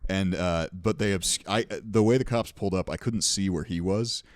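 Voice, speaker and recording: Low-voiced man telling rambling stories. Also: moderate pace, dry recording, studio quality. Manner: rambling, profane, laughing anecdotes. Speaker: podcast host. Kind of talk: casual storytelling chat.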